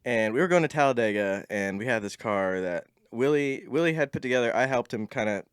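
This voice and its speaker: A man's voice: medium pitch, animated, fairly quick, smooth, dry recording, studio quality. A man, a podcast guest, telling stories in a laid-back casual way, laughing often and filling with "like". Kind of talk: casual storytelling chat.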